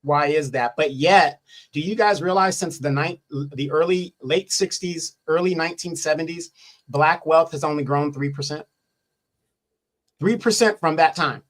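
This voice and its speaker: A man's voice: a little high, normal speed. Emphatic man with rhetorical questions. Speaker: co-host or guest commentator. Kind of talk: opinionated political commentary.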